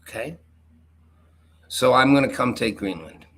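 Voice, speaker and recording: A man's voice: medium pitch, animated, unhurried, fairly bright tone, husky. A man hosting a show, delivering a sarcastic political commentary monologue. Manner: sarcastic, mocking, with exaggerated put-on voices. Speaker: host.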